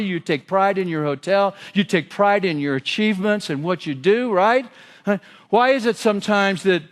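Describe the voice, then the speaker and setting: Guy doing a sales keynote, voice a bit high, lots of stories n questions to the crowd, big hall echo. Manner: storytelling with quoted voices and audience questions. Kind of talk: keynote speech. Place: large hotel ballroom. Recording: long hall reverb.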